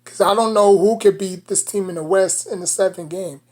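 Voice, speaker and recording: A woman's voice: medium pitch, normal speed, darkish tone. Woman, New York accent, sports vlogger, casual commentary, rambling, filler-heavy. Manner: rambling, leans heavily on "you know". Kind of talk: casual basketball commentary to camera.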